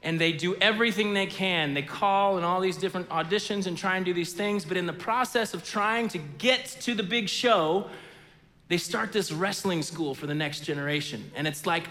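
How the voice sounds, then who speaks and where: A man preaching in a big hall with long reverb, his voice high and bright for a man. He tells a story, then teaches, swinging from loud bursts down to hushed, low lines. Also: moderate pace. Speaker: pastor. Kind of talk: sermon.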